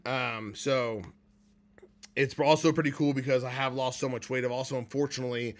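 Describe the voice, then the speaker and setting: A man speaking live and from the heart, candid and earnest. He is emotional and close to tears, sighing and pausing as he goes. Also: medium pitch, steady tone. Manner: heartfelt and candid, at times choked up with pauses and sighs. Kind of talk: emotional personal livestream talk.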